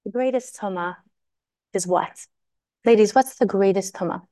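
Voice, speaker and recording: A married woman teaching a Torah class to women, telling a story in a lively way and acting out the quotes. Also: medium pitch, moderate pace. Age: adult. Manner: animated storytelling, acts out quotes.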